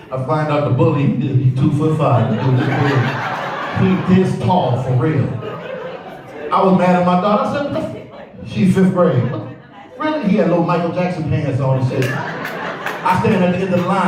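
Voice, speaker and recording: A man doing a stand-up comedy set, telling stories in a lively way and jumping loudly into quoted lines. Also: on the high side. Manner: animated storytelling, loud jumps for quoted bits, frequent "you know what I'm saying". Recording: roomy live club sound, mic heard from a distance. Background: audience laughter and crowd noise.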